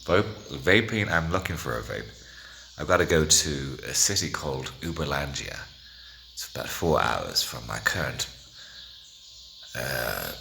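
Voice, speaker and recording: Very deep, gravelly man rambling. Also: pushed and bright, a little hiss or hum. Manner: meandering, self-interrupting, playful, drifting into whispers. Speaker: vlogger. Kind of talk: rambling monologue to the camera.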